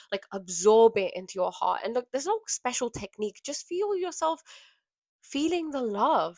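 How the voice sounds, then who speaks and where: A woman vlogger telling a personal story in an earnest, emotional way, with soft laughs and many fillers. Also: medium pitch, dry recording, clean studio sound.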